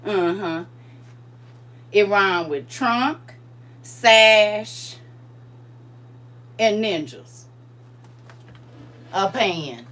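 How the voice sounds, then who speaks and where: Woman livestream host, casual storytelling, animated and blunt delivery. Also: medium pitch, drawn-out words, pauses often. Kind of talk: casual storytelling to a live chat.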